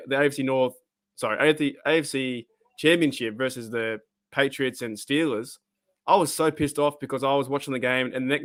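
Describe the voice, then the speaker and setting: A man with an Australian accent hosting a live-stream reaction, chatting casually in a rambling, animated way and swearing freely. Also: mid-range voice. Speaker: host.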